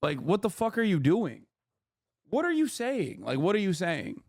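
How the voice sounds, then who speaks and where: A man hosting a livestream, his voice pitched a little above the usual male range. He lectures his chat in an exasperated, profane rant, and the sound is close and dry with no room echo. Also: huge pitch swings, normal speed, gravelly, darkish tone. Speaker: livestream host.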